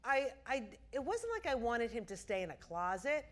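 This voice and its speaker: A woman's voice: fairly high pitch, very animated, normal speed. A woman interviewing a guest on stage, chatty and playful, laughing easily. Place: auditorium before a live audience.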